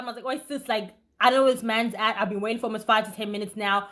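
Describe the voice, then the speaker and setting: A young woman vlogger telling a story in a casual, animated way, talking fast with bursts of emphasis. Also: fairly high pitch, heavy background noise.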